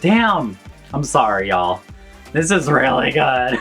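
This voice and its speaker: A woman hosting a song reaction video, effusive and bursting into shouts, gasps and bits of singing along. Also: a bass voice, very animated, takes it slowly, slightly rough. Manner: sings and hums along. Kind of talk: excited song reaction commentary. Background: faint music.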